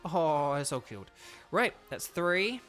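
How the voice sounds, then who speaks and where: A man's voice: fairly high pitch, very animated, slow pace, fairly bright tone, faint music behind. A man with a Northern Irish accent giving casual let's-play commentary, rambling with lots of fillers and restarts. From Northern Ireland. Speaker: gaming YouTuber and voice actor.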